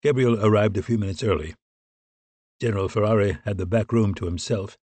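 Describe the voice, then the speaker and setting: A man reading a thriller audiobook in scripted narration, steady and even. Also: on the low side, a little fast, dry recording.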